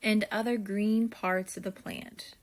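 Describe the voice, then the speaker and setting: A woman teacher talking students through a video lesson, slow and deliberate, thinking aloud while she writes and speaking to them directly. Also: mid-range voice, level tone. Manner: friendly, addresses students directly. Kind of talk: classroom video lesson, filling in notes.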